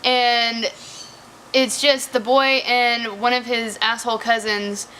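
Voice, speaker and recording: A woman with a bright, slightly high voice recaps a film in loose, casual chat. She swears freely and leans on "like" as she rambles through the story. Faint noise sits under the recording. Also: level tone, slow. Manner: chatty, profane, heavy use of "like". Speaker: movie reviewer.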